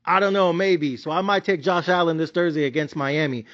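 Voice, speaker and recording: A man's voice: a little high, a little fast, a bit bright, highs cut off. A man giving a blunt, profane, slangy rant reviewing his sports bets. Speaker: sports betting commentator.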